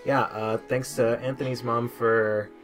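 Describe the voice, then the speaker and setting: A young man hosts a casual podcast in a joking, loose way, at an everyday middle pitch. Guitar music plays clearly behind him. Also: level tone, measured pace. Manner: jokey, puts on silly voices. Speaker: podcast host.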